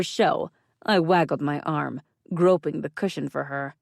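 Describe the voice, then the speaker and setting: A woman's voice: low voice, fairly even intonation, unhurried, vocal fry, no room sound. A woman narrating an audiobook in the first person with a dry, wry delivery.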